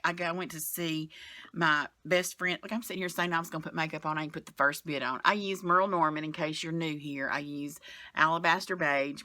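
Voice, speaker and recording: Lady in her 40s-50s rambling on her bed to a phone cam, dry close sound, kinda low voice. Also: sharp tone, no echo. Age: middle-aged. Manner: rambling, frank, sighs and trails off. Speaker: vlogger. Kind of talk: casual chatty vlog. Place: bedroom, sitting on the bed.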